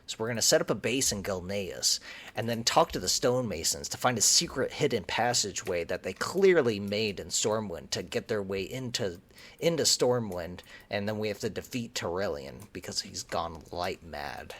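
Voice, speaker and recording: Man, mid pitch, very lively intonation, playful, jokey casual chat, co-host. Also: normal speed. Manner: jokey and playful, trailing off when he forgets names. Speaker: co-host of a video game lore channel.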